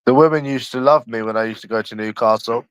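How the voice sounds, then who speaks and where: A man's voice: medium pitch, fast talker, clear, resonant tone. A man from London chatting casually on a livestream, rambling and addressing a viewer by nickname.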